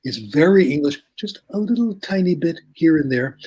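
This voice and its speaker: An older man with a slightly husky voice, speaking as a professor giving an interview. He explains at an even, reflective pace, tells small stories and keeps checking in with the listener. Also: fairly high pitch, moderate pace. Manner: reflective, anecdotal, often checks in with "okay?". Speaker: linguistics professor as interview guest.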